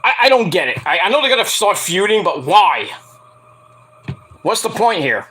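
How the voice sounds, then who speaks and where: A man casually recapping a wrestling show, animated, profane and sarcastic. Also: sits high, moderate pace, slightly rough. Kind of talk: casual rant-style recap.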